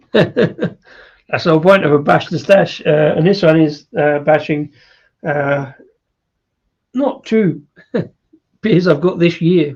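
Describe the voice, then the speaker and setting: A man's voice: fairly high pitch, a little mellow, breathy edge, muffled recording. A man hosting a casual live-stream beer review, rambling with lots of fillers and chuckles. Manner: rambling, with many fillers and laughs.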